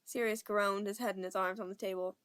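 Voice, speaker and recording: A young woman narrating an amateur fan audiobook in a steady, plain storytelling voice. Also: medium pitch, fairly quick, clear, resonant tone. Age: young adult.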